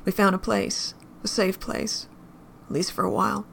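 A woman voicing a rough, guarded, weary man who speaks tersely and low. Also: flat delivery, normal speed, a bit bright. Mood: strained.

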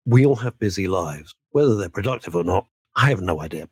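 A man's voice: sits low, brisk, few pauses, husky, no echo. A man, a veteran broadcaster talking as a guest in a podcast interview, emphatic and full of asides. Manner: animated, emphatic, frequent laughs and asides.

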